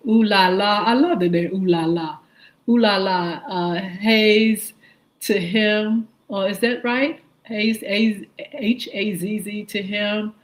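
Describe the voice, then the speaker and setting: This woman's mid-range voice comes through a rough recording as she runs a morning-show livestream. She welcomes each viewer individually with slow, warm greetings and spells their usernames aloud.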